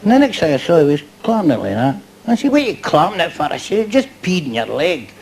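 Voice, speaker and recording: A man's voice: fairly high pitch, big pitch swings, fast talker, creaky, darkish tone. A Scottish man doing live stand-up, rambling through jokes and chuckling at his own lines. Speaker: stand-up comedian. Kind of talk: live stand-up joke telling. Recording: live club recording with audience laughter and noise.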